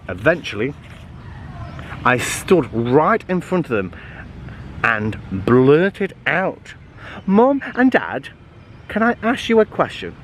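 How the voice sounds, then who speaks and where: A man reading a children's book aloud in a lively, playful way, adding little asides and the odd slip. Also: medium pitch, a little hiss or hum. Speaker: storybook reader.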